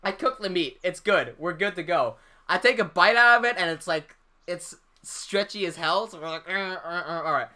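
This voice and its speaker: A young man hosting a livestream, casually telling an animated story, laughing often and swearing freely. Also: sits high, normal speed. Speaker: livestream host.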